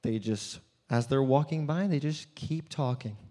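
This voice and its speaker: A man playing a blind beggar tells his story in a slow, earnest monologue. His mid-pitched voice drops to a hush, then swells loud, and the church hall rings with a long reverb behind him. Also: lightly acted. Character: blind male beggar, adult, earnest and desperate. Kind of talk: dramatic first-person monologue.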